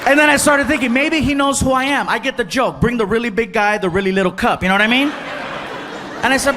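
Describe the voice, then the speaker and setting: A man doing stand-up storytelling on stage, animated, acting out voices and yelling punchlines into a handheld mic. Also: very high voice, quick pace. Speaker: stand-up comedian. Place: theater stage. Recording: live show with loud crowd and noise.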